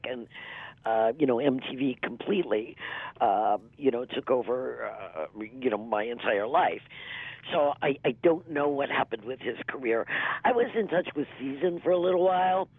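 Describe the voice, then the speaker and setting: A middle-aged woman reminisces as an interview guest, her voice husky and gravelly. She rambles, laughing and leaning on fillers. She comes through a dry, tinny phone line. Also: rumbling low, moderate pace, no room sound. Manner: rambling, laughs often, many "you know" fillers. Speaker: interview guest, former music TV veejay. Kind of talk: casual interview storytelling.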